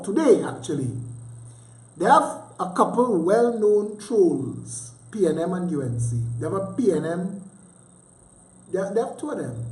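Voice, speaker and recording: High-voiced Trinidadian man ranting. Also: darkish tone. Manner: teasing, sarcastic, heavy dialect asides. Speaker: livestream host. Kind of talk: casual rambling commentary. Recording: roomy echo.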